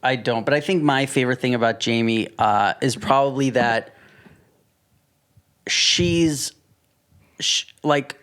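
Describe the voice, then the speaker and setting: A man's voice: mid-range voice, slow, long pauses, clean tone. A man in his thirties talking bluntly and animatedly as a podcast guest, swearing freely. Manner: blunt, profane, animated storytelling. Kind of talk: casual chat.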